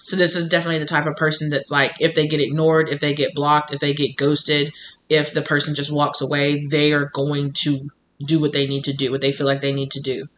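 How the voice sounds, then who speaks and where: A man reads tarot at home in an animated, chatty way, often slipping into the voices of the people he describes. His voice sits a little high and rings bright and forceful. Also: a little fast, a little hiss or hum, rough recording. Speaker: tarot reader. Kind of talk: casual intuitive tarot reading to camera.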